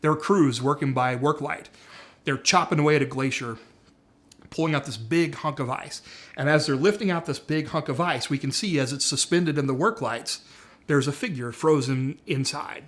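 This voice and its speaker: A man casually talking through a TV series story pitch in a conversational way, full of "like" and "uh". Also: normal speed, fairly bright tone. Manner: conversational, frequent "like" and "uh".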